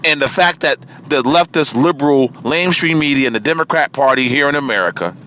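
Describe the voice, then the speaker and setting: A man's voice: mid-range voice, a little fast, pushed and bright, muffled recording, a little hiss or hum. A man hosting a political talk show, ranting with fire and repeating himself for emphasis. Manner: fiery, ranting, repeats himself and names his targets. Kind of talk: political talk radio monologue.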